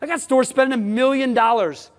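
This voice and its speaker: A man giving a conference talk, blunt and animated, throwing rhetorical questions at his audience. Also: very high-pitched, fairly quick. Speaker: sales management conference speaker. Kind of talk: conference presentation. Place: conference hall. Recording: long hall reverb.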